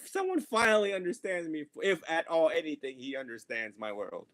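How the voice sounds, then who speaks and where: A man's voice: on the high side, big pitch swings, a little fast, a bit bright, no echo. A man teaching a group on a call, in a casual, playful dharma talk, laughing often and mimicking his students. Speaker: Buddhist monk teaching a group. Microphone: video or phone call.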